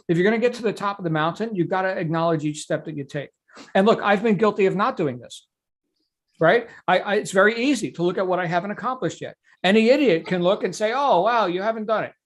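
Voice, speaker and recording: A middle-aged man gives a motivational coaching talk. His voice sits high for a man. He talks with emphasis, doubles back on his words and keeps tagging on "right?". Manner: emphatic, repeats words, asks "right?" often.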